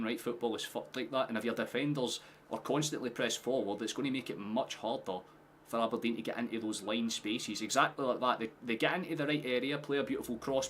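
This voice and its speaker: A man casually commentating a football match live for his stream, chatty, swearing and quick to laugh. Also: medium pitch, fairly bright tone, a little hiss or hum. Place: home streaming setup with headphones.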